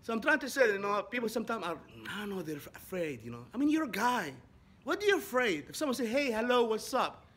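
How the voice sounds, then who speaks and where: A man from Saudi Arabia, a native Arabic speaker, telling a casual story in English; his voice jumps high when he gets excited. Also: quick pace, husky. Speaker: vlogger.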